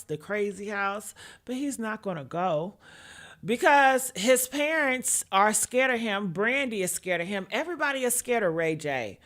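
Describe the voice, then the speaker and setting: A woman's voice: medium pitch, fairly bright tone. A woman giving brash, profane livestream commentary, chatting with her viewers and teasing them by name.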